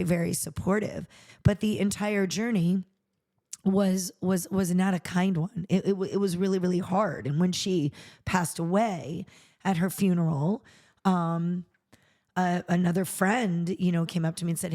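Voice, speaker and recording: A woman's voice: fairly low pitch, steady tone, unhurried, mellow. A middle-aged woman, a charity founder and podcast host, tells a personal story in conversation, acting out the quoted dialogue with animation.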